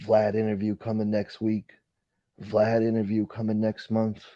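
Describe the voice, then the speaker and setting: This livestream host is a man with a fairly low, mellow voice who speaks at a moderate pace in a completely flat delivery. He rants casually with profanity and thanks viewers for their donations. The recording is muffled but has no echo.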